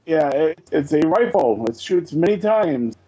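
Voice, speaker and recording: A man's voice: fairly high pitch, lively intonation, mellow, muffled recording. A man voicing a blunt, plainspoken male soldier in a tabletop game. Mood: guarded. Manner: plainspoken, halting.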